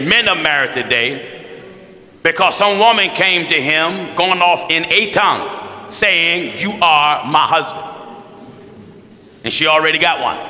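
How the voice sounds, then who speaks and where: An American man preaching a sermon in a large hall, his voice bright and ringing, with long reverb trailing each phrase. He talks in a folksy, animated way and swings his pitch widely. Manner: animated, folksy, mimics people with shouts and laughs. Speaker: pastor.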